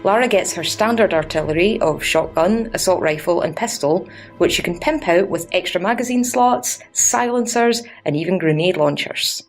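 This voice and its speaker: A young Scottish woman narrating a scripted video game review in a sarcastic, crude and cheeky way. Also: fairly low pitch.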